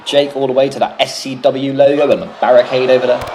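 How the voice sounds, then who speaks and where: A man's voice: mid-range voice, flat delivery, fast, background noise. A British man doing casual, rambling solo play-by-play commentary of a wrestling video game, swearing freely and drifting into jokey tangents.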